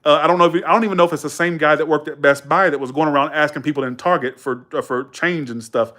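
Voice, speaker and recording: A young man talks casually to his viewers, rambling and correcting himself as he goes. His voice sits a touch high for a man. He drops into quoted dialogue and keeps a loose, colloquial flow. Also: fast, sharp tone. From Georgia, USA. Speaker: live streamer chatting with viewers. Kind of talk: casual chat and storytelling.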